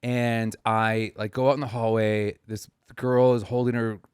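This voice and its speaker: A man's voice: medium pitch, level tone, measured pace, darkish tone, smooth, no echo, clean studio sound. A man co-hosting a comedy podcast, telling a story in a rambling way with many restarts. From family from New Mexico. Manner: rambling with restarts, acts out voices in stories. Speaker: podcast co-host.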